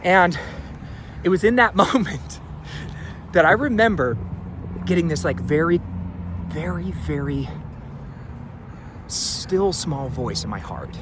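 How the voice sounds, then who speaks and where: A young man self-recording a candid, animated personal story, with restarts and frequent "like.". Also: fairly high pitch, slow pace, pauses often. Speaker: returned missionary telling a personal story. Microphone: self-recording on a phone or camera. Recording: outdoor recording with traffic noise.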